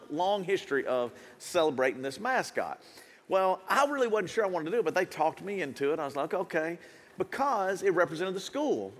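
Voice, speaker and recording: Animated pastor. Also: male voice, a little high. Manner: animated, jokey, hypes the crowd. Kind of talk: lively sermon. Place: church auditorium.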